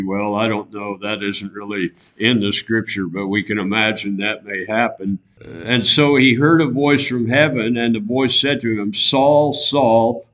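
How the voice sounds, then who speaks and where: A man delivers a radio sermon in a low voice at an unhurried pace. He is earnest and circles back, repeating phrases to drive each point home. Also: fairly bright tone. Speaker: preacher.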